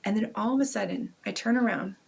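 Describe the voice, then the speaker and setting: A woman's voice: mid-range voice, fast, gravelly, breathy edge. Earnest woman telling a family story. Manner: earnest, animated, swears casually. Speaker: podcast guest. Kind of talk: casual conversational storytelling.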